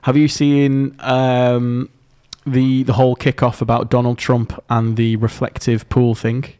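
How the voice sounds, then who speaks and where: A man's voice: mid-range voice, level tone, measured pace, dark tone, clean tone. A man, co-hosting a casual chat podcast in a chatty, jokey way. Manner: chatty, jokey, breaks into playful voices. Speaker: podcast co-host.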